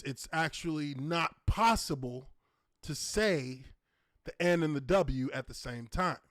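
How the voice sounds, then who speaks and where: A man, a former pro lineman hosting a casual livestream Q&A, telling stories with loud laughs, exclamations and profane asides. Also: medium pitch, clean tone, no echo, studio quality.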